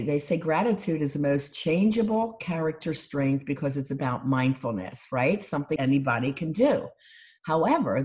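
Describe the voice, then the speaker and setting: Very low-voiced woman life coach. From United States. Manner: calm, instructive, lists things one by one. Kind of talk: talk on gratitude and mindfulness.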